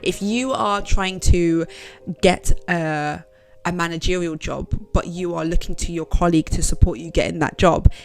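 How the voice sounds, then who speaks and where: A woman's voice: fairly low pitch, moderate pace, gravelly, faint music behind. A woman giving frank, direct motivational advice to her viewers in a casual vlog. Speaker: self-help vlogger. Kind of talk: motivational talk to camera.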